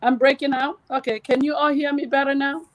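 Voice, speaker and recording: A woman's voice: high voice, little pitch movement, brisk, crowd noise, rough recording. A woman introducing herself formally but friendly as a guest on a video call panel. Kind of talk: self-introduction.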